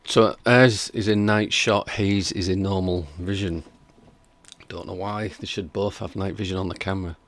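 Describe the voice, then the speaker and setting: A man's voice: low voice, steady tone, moderate pace. A man hosting a reaction stream, chatting casually and skeptically while reading out viewer comments. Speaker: reaction video host.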